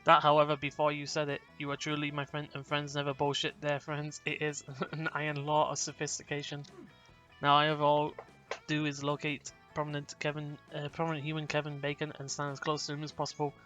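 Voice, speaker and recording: Brief: male reader as a polite game machine trying to pass as human, formal wording, bright tone. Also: on the high side, completely flat delivery, fairly quick, lo-fi sound, soft background music. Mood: earnest. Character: earnest synthetic being wanting to seem alive.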